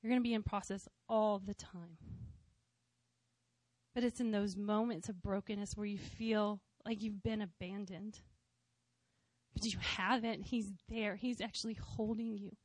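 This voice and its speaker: A woman's voice: medium pitch, steady tone, a little slow, dry recording. A woman in her thirties sharing a personal testimony in church, heartfelt and conversational with touches of light humor.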